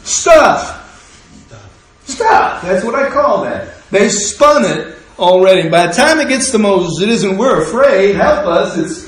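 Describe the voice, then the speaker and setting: A man's voice: sits high, very animated, slow. A man preaching a sermon in a humorous, conversational way, acting out quotes from the people in his story. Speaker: pastor. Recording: echoey room.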